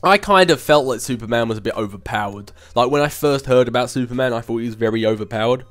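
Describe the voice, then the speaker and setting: This channel host is a young man with a mid-range, slightly bright voice who talks fast. Over soft background music he rambles through a casual viewer Q&A, chatty and laughing often, with plenty of filler hums.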